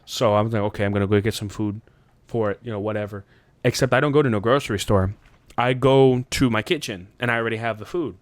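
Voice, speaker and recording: A podcast host with a smooth, clear voice tells a rambling dream story at a quick pace in casual chat. He swears freely, laughs often, and jumps up in pitch whenever he acts out what someone said. The sound is dry and close, with no room echo.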